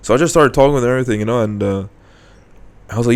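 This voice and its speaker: A young man with a medium-pitched, racing voice hosts a podcast. He chats casually, telling relaxed, rambling stories and often restarting his sentences.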